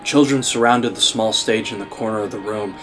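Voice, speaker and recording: A man's voice: lowish voice, steady tone, brisk. Man narrating a story over music. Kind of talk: scripted narration of a horror fan story.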